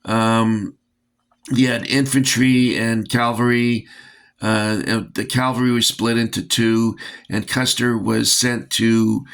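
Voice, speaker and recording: Slow gravelly guy rambling about toy soldiers, kinda winded, lots of uhs. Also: mid-range voice, little pitch movement, fairly bright tone. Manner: rambling, many fillers, dry jokes. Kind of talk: casual hobby review.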